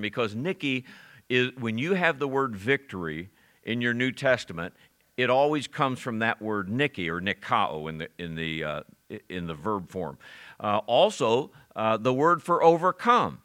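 An older man preaching in a bright, forceful voice. He teaches in an easy, conversational way, then swells with emphasis as he quotes scripture. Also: medium pitch, animated, measured pace. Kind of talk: sermon.

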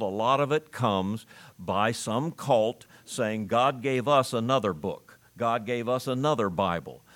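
Emphatic preacher stressing words slowly. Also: male voice, mid-range voice. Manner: emphatic, slows down to stress key phrases; reads scripture aloud in old-fashioned wording. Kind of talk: expository sermon.

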